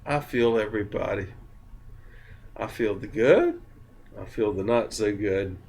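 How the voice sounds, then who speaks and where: A man who is drunk, talking in a slow, meandering, giggly way with many ums in a spiritual monologue to camera. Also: fairly low pitch, darkish tone. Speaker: spiritual vlogger.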